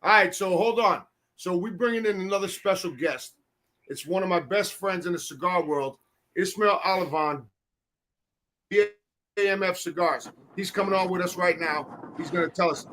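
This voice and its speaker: Casting: middle-aged man, high voice, animated storytelling host, salty language. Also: moderate pace. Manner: animated storyteller, acts out quotes with profanity. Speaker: podcast host. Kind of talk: casual storytelling chat.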